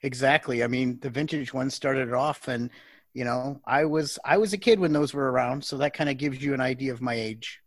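An upbeat man, co-hosting a podcast. His voice sits at an ordinary pitch, recorded close and dry with no room sound. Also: a little fast, dry recording. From Chicago area, Illinois. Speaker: podcast co-host. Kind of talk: casual podcast chat.

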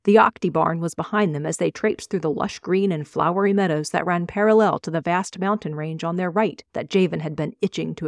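A woman reading her own fantasy novel aloud in a measured, expressive narration. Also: lowish voice, no room sound, studio quality. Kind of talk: audiobook reading.

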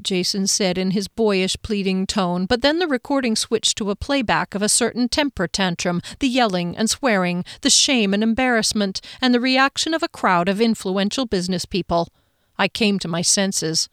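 This audiobook narrator is a woman with a medium-pitched, clean-toned voice, reading a first-person story at a moderate pace. She keeps it conversational and wry, and the studio-quality sound has no echo.

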